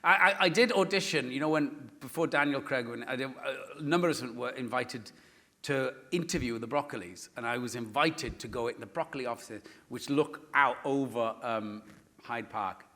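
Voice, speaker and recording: A man's voice: mid-range voice, moderate pace, bright, forceful tone. A middle-aged Welsh man, a first-language Welsh speaker, telling stories on stage and acting out other people's voices with lots of laughter. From Wales. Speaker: guest actor. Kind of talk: animated anecdote telling on stage. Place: stage before a live audience.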